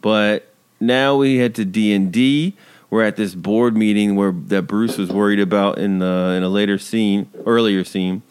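A man's voice: fairly low pitch, steady tone, moderate pace, a little mellow, clear, resonant tone. A man co-hosting a casual podcast, recapping a TV episode with blunt jokes and casual swearing. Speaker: podcast co-host.

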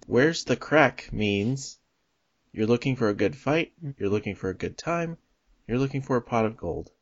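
A man's voice: mid-range voice, animated, normal speed, dry recording, muffled recording. A man hosting a playful podcast panel quiz, reading out the options. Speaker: quiz host.

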